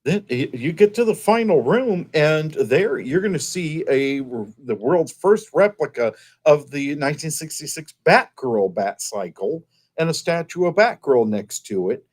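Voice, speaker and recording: A man's voice: on the high side, lively intonation, unhurried, darkish tone. A man being interviewed as a guest, describing his museum in an upbeat, promotional way. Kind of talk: interview answers.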